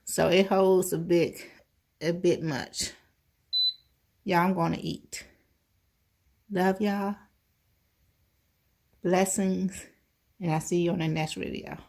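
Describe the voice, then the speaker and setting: A woman's voice: fairly low pitch, steady tone, slow, creaky, pauses often, a little mellow. A woman hosting a casual cooking vlog, chatting to viewers as y'all and tasting food on mic. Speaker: cooking channel host.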